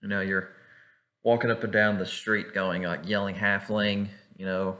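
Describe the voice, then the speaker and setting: A man's voice: lowish voice, little pitch movement, moderate pace, pushed and bright. Rambling man running a tabletop game. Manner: loose, rambling, fillers and swearing. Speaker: game master. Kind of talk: narrating a tabletop game online.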